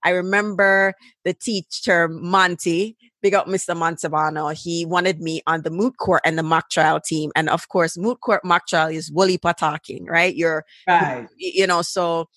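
A middle-aged woman from Jamaica with a Jamaican accent. She is an author who tells lively stories in a casual interview. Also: lowish voice, unhurried, few pauses, dry recording, clean studio sound. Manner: lively storyteller, mixes Jamaican and American speech.

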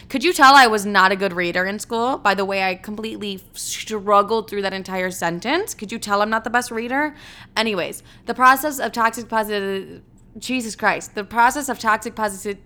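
Woman podcaster, clear smooth tone, loose profane chat. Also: medium pitch, moderate pace, bright, forceful tone. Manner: candid, profane, rambling. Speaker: podcast host. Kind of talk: casual solo podcast chat.

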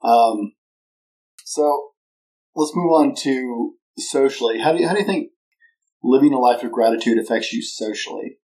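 A man's voice: mid-range voice, normal speed, pauses often, darkish tone, rough recording. Chatty, self-deprecating male podcast host. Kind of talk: casual interview chat.

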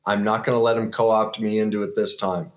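A middle-aged man with a low-pitched voice tells a personal story as an interview guest. He is earnest and reflective, pausing and restarting as he goes. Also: level tone.

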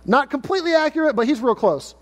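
Male pastor, expressive sermon delivery, high voice, long church reverb. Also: fast. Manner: expressive preaching, acts out quoted lines in lively paraphrase.

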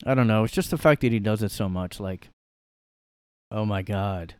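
A man's voice: on the low side, moderate pace, clean tone, dry recording, studio quality. A man hosting a casual solo podcast from his room, ranting sarcastically and rambling through his opinions. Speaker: podcast host.

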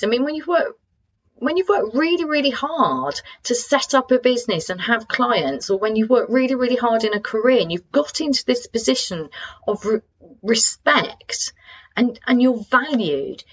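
Female coach, gentle and candid, self-deprecating laughter, slightly muffled recording. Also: mid-range voice. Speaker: coach for professional women. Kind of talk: casual talk to an audience.

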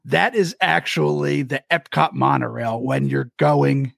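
A man's voice: mid-range voice, steady tone, a little slow, vocal fry, hardly any pauses, no echo, studio quality. A man hosting a casual podcast quiz game, joking and self-deprecating. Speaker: quiz host.

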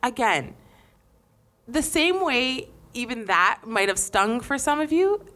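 A woman's voice: fairly high pitch, takes it slowly. Slangy young woman podcast co-host. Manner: animated, slangy, playful asides. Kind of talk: casual podcast chat.

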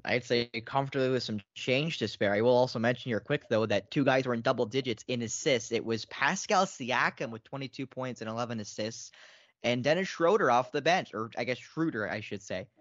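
A man co-hosting a casual sports podcast. He is excitable and repeats himself, and his pitch jumps a lot. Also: a little fast, dry recording. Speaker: podcast co-host. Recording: dry, dull lo-fi sound.

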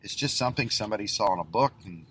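Middle-aged male plumbing business owner, low-pitched, folksy and rambling, faint room ambience behind. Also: animated, racing, background noise. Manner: folksy, rambling with many fillers and restarts. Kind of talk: casual advice talk.

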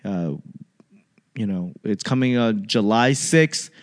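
A man hosting a casual solo chat, rambling and animated, with lots of fillers and restarts. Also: lowish voice, slow pace.

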